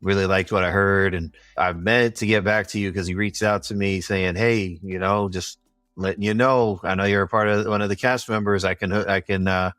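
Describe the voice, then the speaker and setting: A young man co-hosting a podcast, telling stories in a relaxed, chatty way. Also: low-pitched, moderate pace, no echo, studio quality, soft background music. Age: young adult. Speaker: podcast co-host. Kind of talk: casual chat.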